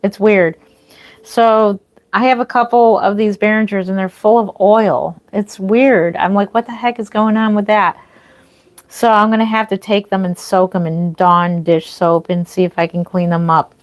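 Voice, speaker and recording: A woman's voice: mid-range voice, fairly even intonation, moderate pace. A middle-aged woman chatting casually on a livestream from her home, rambling with restarts and small laughs. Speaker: reborn doll artist hosting a livestream. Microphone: phone or camera mic, walks away at times.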